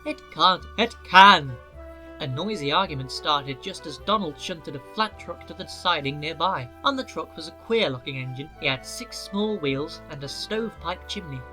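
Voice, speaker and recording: A man reading a children's storybook aloud in a clear, measured way. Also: fairly high pitch, lively intonation, pushed and bright, soft background music. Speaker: narrator. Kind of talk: storybook narration.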